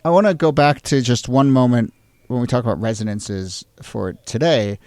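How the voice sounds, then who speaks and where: A man's voice: medium pitch, normal speed, a little mellow, no room sound. A man co-hosting a history podcast, earnest and reflective, stressing key words as he makes his points. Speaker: co-host of a history show. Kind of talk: analytical podcast discussion.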